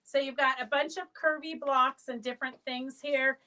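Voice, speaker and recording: A woman's voice: high-pitched, fairly even intonation, moderate pace, few pauses, pushed and bright, far from the mic, poor audio. A woman who owns a fabric shop hosts a live sale stream, chatting in a rambling way and calling out auction winners by name.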